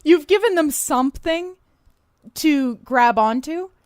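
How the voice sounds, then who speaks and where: A woman's voice: high voice, animated, slow pace, a little mellow, no echo, clean studio sound. Chatty, self-deprecating woman co-host. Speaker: podcast co-host. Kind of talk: casual advice chat.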